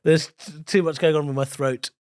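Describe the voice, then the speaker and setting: A British man in his thirties co-hosting a casual comedy podcast, teasing and dry with quick jokes. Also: fairly high pitch, steady tone. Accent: British English.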